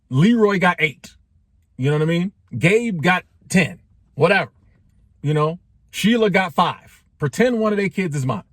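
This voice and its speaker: A man's voice: fairly high pitch, no echo, studio quality. A man in his forties talking casually in a joking, conversational way, full of slang and asides to his viewers. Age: 40s. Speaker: vlogger. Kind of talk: casual talking-head monologue.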